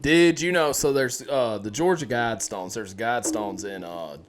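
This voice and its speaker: A man co-hosting a podcast, chatting casually in an excitable, profane way with lots of fillers. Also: mid-range voice, moderate pace, noisy background. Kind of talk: casual chat.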